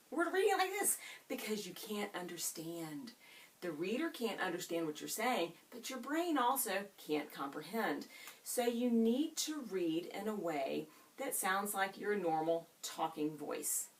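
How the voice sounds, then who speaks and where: A woman's voice: fairly low pitch, far from the mic. A woman teacher giving a reading lesson to students, asking them questions and stretching out key words. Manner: expressive, drawn-out teacherly delivery with questions to students. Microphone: camera set up in the room.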